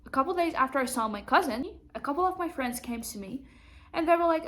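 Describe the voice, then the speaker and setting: A woman's voice: high voice, lively intonation, quick pace, a bit bright. A young adult woman vlogging at home, telling a personal story to the camera and acting out the things people said in a raised voice. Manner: acts out quoted dialogue in a raised voice.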